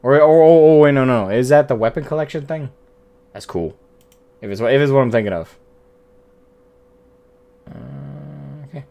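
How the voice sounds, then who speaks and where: A man's voice: medium pitch, normal speed, creaky, pauses often, dark tone, highs cut off. A man streaming a game, chatting casually in a rambling, profane way, often correcting himself. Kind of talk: casual live-stream chat.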